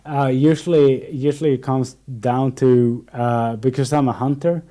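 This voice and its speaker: A man's voice: medium pitch, steady tone, moderate pace, dark tone. A young man hosting a casual podcast chat, rambling through stories with lots of restarts and acted-out quotes. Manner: rambling, many restarts, acts out anecdotes. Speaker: podcast host.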